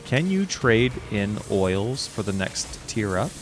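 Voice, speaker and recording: A man chatting casually while playing a video game, curious and thinking out loud, with bursts of giggling. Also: lowish voice, very animated, slow, over music. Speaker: gaming streamer. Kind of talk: casual gameplay commentary.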